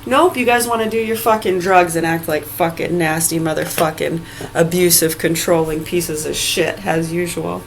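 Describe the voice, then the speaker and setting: A woman's voice: fairly low pitch, steady tone, normal speed, gravelly, slight background noise, poor audio. A woman in her forties delivering a rambling, heated rant full of swearing. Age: 40s. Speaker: vlogger. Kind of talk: profane angry rant.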